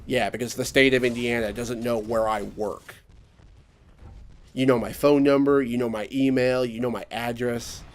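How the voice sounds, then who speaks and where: A man's voice: medium pitch, steady tone, normal speed, slight background noise. Exasperated young man ranting. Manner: exasperated, sarcastic, mimics voices in quotes. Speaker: vlogger. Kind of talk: casual rant.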